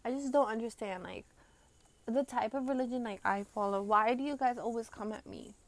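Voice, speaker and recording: Young woman streamer, casual rambling storyteller, swears freely, slightly high-pitched. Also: a little fast, no room sound. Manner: chatty and profane, heavy use of "like".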